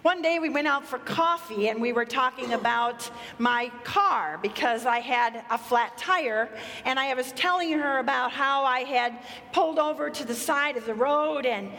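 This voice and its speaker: A woman's voice: high-pitched, moderate pace, sharp tone. A woman pastor preaching a sermon in a conversational, storytelling way. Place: church sanctuary. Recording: echoey church hall.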